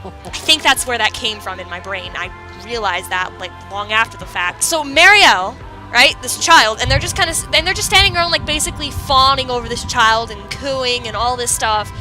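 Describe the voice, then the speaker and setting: Let's play host, woman with a high voice, chatty and animated, clear game music underneath. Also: normal speed, low-quality recording. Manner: chatty, animated, many fillers. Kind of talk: casual storytelling over gameplay.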